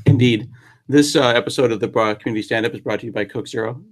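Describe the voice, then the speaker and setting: A man's voice: mid-range voice, quick pace. A man hosting a casual live-stream chat, joking and rambling in a self-deprecating way. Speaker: host.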